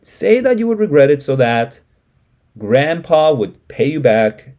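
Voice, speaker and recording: A man's voice: a little high, sing-song, measured pace, a little mellow, voice pushed up. A man reading as an upset, pleading mother. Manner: insistent, repeating demands.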